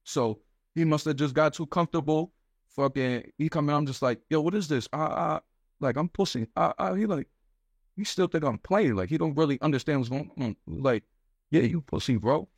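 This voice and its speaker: A young man from New York, a rapper guest telling stories in a casual interview, animated and slangy, acting out the voices of people he quotes. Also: a little high, fairly quick, no room sound, clean studio sound. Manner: animated, slangy, acts out quoted voices, repeats "you get what I'm saying". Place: small podcast studio. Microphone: studio microphone.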